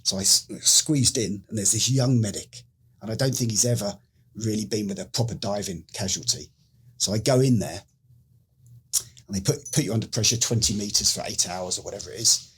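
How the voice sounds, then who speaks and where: In a fairly low, husky voice and at a brisk pace, a middle-aged Brit who served as a special forces medic relates a tale in a casual interview, lively in manner and voicing the lines people spoke.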